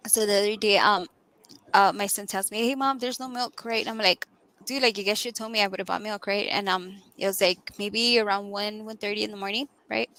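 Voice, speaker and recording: Woman, bright, sharp tone, chatty guest telling a story in a relaxed way. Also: mid-range voice, fairly quick, low-quality recording. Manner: animated storyteller, fillers like "right?" and "like". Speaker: guest co-host. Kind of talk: casual storytelling chat.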